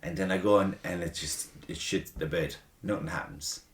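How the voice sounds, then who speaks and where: A man's voice: low voice, steady tone, moderate pace. A man chatting casually as a podcast host, profane and self-mocking. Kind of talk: casual chat. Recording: roomy echo.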